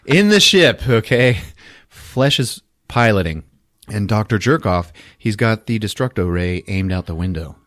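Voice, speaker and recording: A man hosting a podcast, recapping a movie with lively, laughing storytelling into a close mic. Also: on the low side, measured pace, no echo. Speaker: podcast host.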